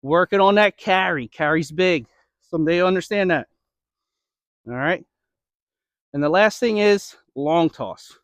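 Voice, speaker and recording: A man's voice: sits high, measured pace, pauses often, a bit bright, no room sound. A man coaching baseball throwing drills, checking in often with "okay?" and a little out of breath. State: slightly out of breath. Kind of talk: instructional demo.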